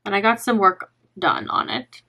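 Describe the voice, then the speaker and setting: A woman's voice: mid-range voice, moderate pace, sharp tone. A young woman chatting casually to camera in a knitting vlog, gushing and rambling with lots of fillers. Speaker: knitting vlogger.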